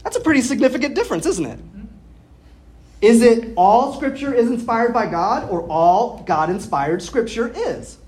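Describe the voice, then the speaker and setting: A woman preaching a teaching sermon, her pitch moving a lot as she explains. She walks her listeners through the text and checks in with them through questions. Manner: explanatory, asks the audience questions; spells out Greek words slowly. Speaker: pastor.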